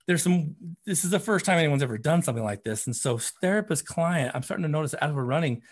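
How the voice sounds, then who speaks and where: A man with a slightly high voice tells a story from his work as a therapist and running coach. He talks casually, full of fillers, and lively when he acts out what people said. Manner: animated, acts out quotes, many fillers like "you know" and "man".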